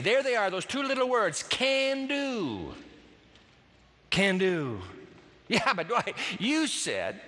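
Dramatic, high-voiced preaching man. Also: sing-song, slow, pauses often, bright, forceful tone, in a large hall. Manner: dramatic, emphatic preaching with sweeping pitch swings. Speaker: pastor. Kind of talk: sermon.

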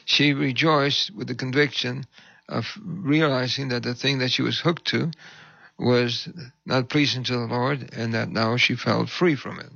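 Man, pastor, lively storyteller, bright tense voice, dry muffled recording. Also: medium pitch, measured pace, creaky, slightly rough, no echo. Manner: animated storyteller acting out quoted voices. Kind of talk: storytelling in conversation.

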